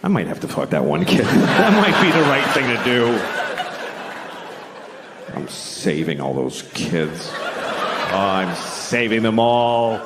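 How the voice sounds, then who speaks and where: A middle-aged man doing a blunt, deadpan stand-up comedy set, often acting out other people's voices. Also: on the low side, slow pace, pauses often, a loud crowd. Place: stage before a laughing audience. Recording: live stage recording with audience noise. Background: audience laughter.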